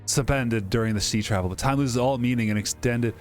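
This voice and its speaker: A man's voice: mid-range voice, brisk. A young man casually reading a story game aloud with dramatic delivery, breaking off for jokes, over faint background music. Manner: reads dramatically, breaks off to joke. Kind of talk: casual let's-play narration.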